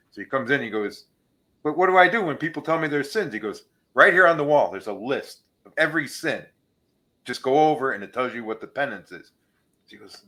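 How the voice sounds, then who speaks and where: A man's voice: mid-range voice, lively intonation, fast, pushed and bright. A man hosting a casual podcast, telling jokes and laughing at his own punchlines. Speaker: podcast host.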